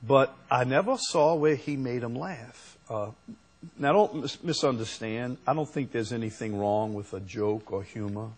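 A man preaching a sermon as pastor, slow and unhurried, rising to emphatic peaks. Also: medium pitch, slightly rough.

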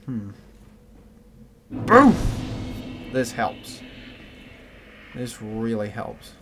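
A man giving a commented game playthrough, with a mix of American and British in his accent, swinging from panicked shouts to dry muttering. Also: mid-range voice, measured pace, soft background music. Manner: excitable, yelps and shouts in panic, then mutters dryly. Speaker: gaming commentator.

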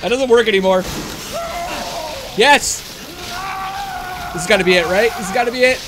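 A woman giving excited gameplay commentary, swearing often, yelping and cheering as she plays. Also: medium pitch, moderate pace, background noise. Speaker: let's play gamer.

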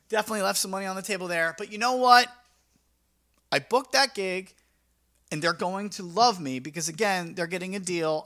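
A young man who works as a mobile DJ vlogs in a casual, energetic way, acting out his conversations with clients in upbeat slang. His voice is high-pitched, bright and forceful.

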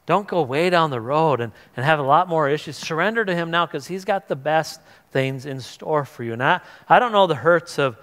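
A man pastor giving a conversational sermon, animated and acting out the voices of people in the story. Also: fairly high pitch, moderate pace. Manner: conversational, animated, acts out voices of biblical figures. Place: church sanctuary. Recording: long reverb of a church hall.

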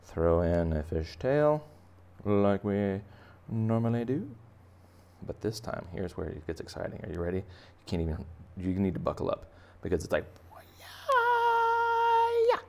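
Low gravelly playful drawing teacher man. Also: fairly quick, hardly any pauses, mellow. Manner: playful, jokey, conversational. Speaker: art teacher. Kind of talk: drawing lesson for kids.

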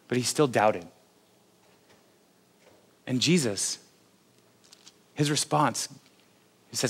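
A man's voice: medium pitch, moderate pace, pauses often. A man, a pastor preaching a sermon in a conversational, self-deprecating, joking way.

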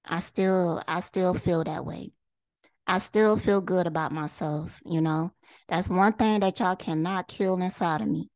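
A woman's voice: on the low side, unhurried, darkish tone, no room sound. A woman vlogger delivering a heated, profane monologue straight to camera, firing rhetorical questions and repeating lines for emphasis. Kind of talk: impassioned direct-to-camera monologue.

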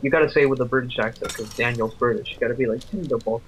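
A young man co-commentating a game in casual chat, laid-back and teasing, with halting filler-heavy speech. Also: mid-range voice, steady tone, slight background noise, poor audio. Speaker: co-commentator watching. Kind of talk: casual let's-play commentary.

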